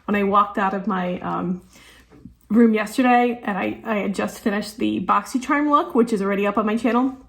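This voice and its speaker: A woman's voice: mid-range voice, moderate pace, creaky. Chatty woman doing a makeup tutorial. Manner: chatty, self-amused, thinks aloud. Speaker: beauty vlogger; teacher. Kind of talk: casual makeup tutorial chat.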